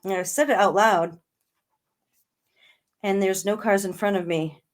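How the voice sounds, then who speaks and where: A middle-aged woman, a guest in an interview, telling a personal story in earnest, slowing down on emotional words and laughing now and then. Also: mid-range voice. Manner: earnest, slows right down on emotional words, laughs between lines.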